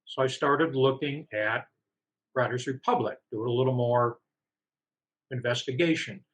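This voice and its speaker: In a husky, medium-pitched voice at a measured pace, a man complains about a publisher, recounting the episode in a relaxed storytelling way. He sounds fed up and at times mimics the staff's responses. The recording quality is low.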